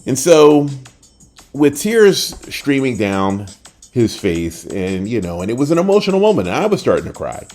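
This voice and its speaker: An older man hosting a short podcast, telling a personal story in a casual, lively way and acting out the people he quotes. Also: medium pitch, normal speed, soft background music. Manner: animated, acts out quoted voices, trails off at the end. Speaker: podcast host.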